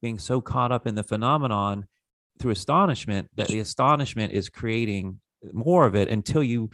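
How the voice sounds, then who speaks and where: A man hosting a casual conversation, reflective and measured, repeating words as he thinks. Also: mid-range voice, a bit bright, no room sound.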